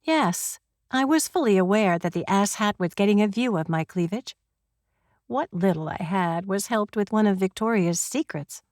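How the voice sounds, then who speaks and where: Woman, audiobook narrator, wry conversational storytelling, mid-pitched voice, dry close recording. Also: lively intonation, moderate pace, darkish tone, no echo. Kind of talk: first-person audiobook narration.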